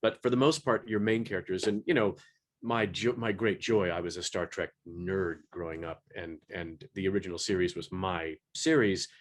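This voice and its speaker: Middle-aged male panelist, low-pitched, animated, stumbles and restarts often. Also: normal speed. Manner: animated, frequent restarts and repeated words. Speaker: audiobook narrator. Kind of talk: panel discussion.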